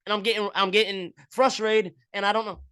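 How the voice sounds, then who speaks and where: A man voicing a frazzled young woman working as an airport barista, talking in a high, rushed, whiny way. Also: flat delivery, bright, forceful tone, clear, resonant tone.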